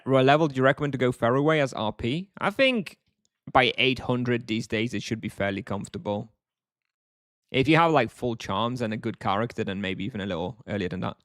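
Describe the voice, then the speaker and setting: A man's voice: medium pitch, a bit bright, no echo, studio quality. A man chatting casually while streaming a game, answering chat in a wry, offhand way.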